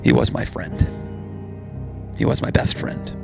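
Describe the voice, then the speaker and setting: A man playing a bitter, resentful ex-friend who talks haltingly with many fillers, with music clearly playing behind. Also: close to an everyday voice.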